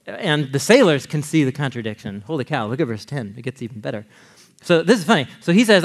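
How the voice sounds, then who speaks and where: A man's voice: medium pitch, big pitch swings, fast. A man teaching a sermon on scripture in a jokey, conversational way, talking straight to his listeners and chuckling often. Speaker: Bible teacher.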